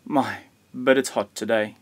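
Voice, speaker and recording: A man voicing a blustery, hard-of-hearing old grandfather in a children's storybook, making loud, booming declarations. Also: steady tone, unhurried, lightly acted.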